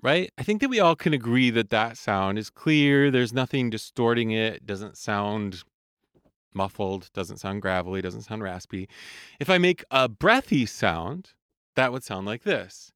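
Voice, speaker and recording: A man who coaches singers, explaining vocal function in a calm, measured podcast lesson. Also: lowish voice, dry recording, studio quality. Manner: calm, explanatory, demonstrates sung vowel sounds.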